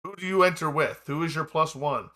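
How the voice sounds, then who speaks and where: Male game master, bright ringing voice, measured narration between casual rules chat. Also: on the high side. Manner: measured storytelling narration mixed with casual table talk.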